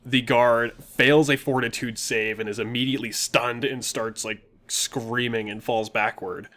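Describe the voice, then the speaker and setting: رجل بصوت متوسط الطبقة يروي بمرح جلسة لعبة أدوار ويضحك كثيرًا. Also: male voice, medium pitch, measured pace. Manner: laughs often, animated retelling. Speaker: co-host of a gaming channel. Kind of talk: casual storytelling of a tabletop game.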